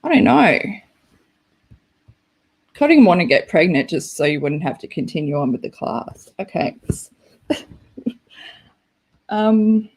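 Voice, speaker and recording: A woman's voice: on the low side, sing-song, takes it slowly, long pauses, a little mellow, breathy edge. A woman hosting a live stream, chatting casually and rambling with lots of "like" and giggles. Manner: rambling, giggly, full of "like" fillers.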